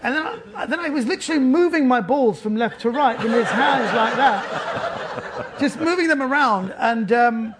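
A man with a London accent telling a comic anecdote on stage at a festival, animated, with stammered restarts. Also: extremely high pitch, normal speed, very noisy. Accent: London English. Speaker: author and comedian guest. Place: festival venue before a laughing audience.

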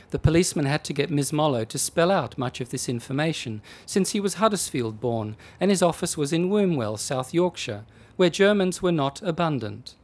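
A man narrating a comic story aloud, with a somewhat high voice that rises and falls very lively. His reading is dry and expressive. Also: moderate pace, few pauses.

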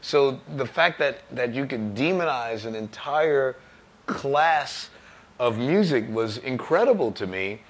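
An older man, a musician guest in an interview, telling lively anecdotes and joking as he acts out quotes. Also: mid-range voice, unhurried.

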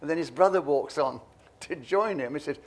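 A man's voice: a little high, normal speed. An older man being interviewed, telling anecdotes and acting out the voices of people in his stories. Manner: lively storyteller, acts out voices. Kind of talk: reminiscing anecdotes.

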